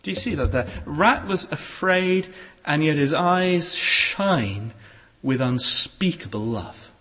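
A man preaching a sermon in a church hall, expressive, with shifting pace and loudness. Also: on the high side, slow pace. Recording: echoey hall.

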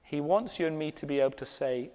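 A man preaching a sermon in a church, slow and deliberate, dropping to hushed, near-whispered emphasis. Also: on the high side. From Britain. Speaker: pastor. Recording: long reverb of a church hall.

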